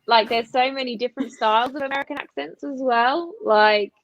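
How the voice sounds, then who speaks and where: A woman's voice: sits high, fairly quick, highs cut off. Rambling self-deprecating woman. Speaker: band member guest. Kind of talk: casual interview chat.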